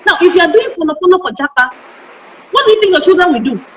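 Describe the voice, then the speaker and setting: A woman's voice: very high voice, animated, fast talker, slight background noise. A middle-aged Nigerian woman, a parenting educator, speaking passionately in an interview and firing off emphatic rhetorical questions. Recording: echoey room.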